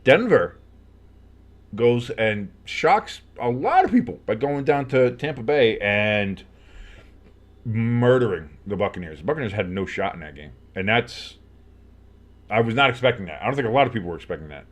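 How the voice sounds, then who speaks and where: A man's voice: fairly low pitch, sing-song, moderate pace. Rambling male sports-fan commentator. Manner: rambling, many fillers, jumps up on big plays. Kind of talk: casual play-by-play with reactions.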